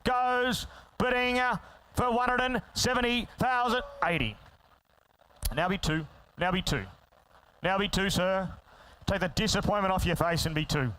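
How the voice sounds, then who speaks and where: A man working as an auctioneer, rattling off bids in a fast chant with quick asides to the bidders in a sale ring. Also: sits high, bright, forceful tone, clean tone, poor audio.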